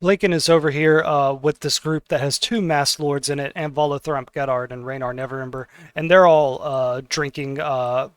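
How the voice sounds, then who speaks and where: A man narrating as game master, describing scenes in a relaxed way with fillers. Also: fairly high pitch, normal speed, hardly any pauses, smooth, dry recording.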